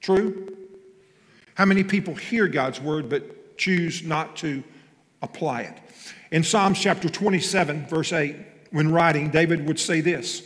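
A pastor delivers an emphatic sermon with a fairly high-pitched male voice. He swings between near-shouting and quiet, hushed lines and draws the congregation in with questions. A long reverb from the sanctuary trails behind him. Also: measured pace. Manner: asks the congregation questions and has them repeat phrases. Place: church sanctuary.

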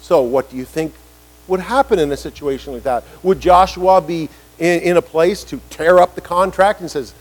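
A man delivering a sermon, his voice sitting high for a man. He preaches with animation, putting on the voices he quotes and pushing key lines upward for emphasis. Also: moderate pace, low-quality recording.

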